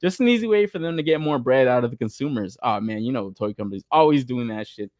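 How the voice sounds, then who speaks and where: A man's voice: medium pitch, expressive, quick pace, a little mellow, no room sound, studio quality. A young man hosting a toy podcast in casual, loose chat, swearing freely and laughing often. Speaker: podcast host. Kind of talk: casual toy-news commentary.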